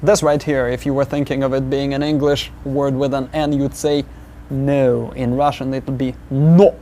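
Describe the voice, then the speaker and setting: A man teaching an alphabet lesson, sounding out each letter slowly and patiently, repeating sounds for the learner. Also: medium pitch, level tone, darkish tone. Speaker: language teacher.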